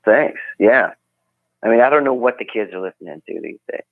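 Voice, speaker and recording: A man with a lowish voice speaks through a narrow, tinny phone line. He is a guest musician chatting in a relaxed, rambling way, and the sound is dry and close. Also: brisk, creaky, dry recording. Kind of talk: casual phone interview. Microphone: phone call.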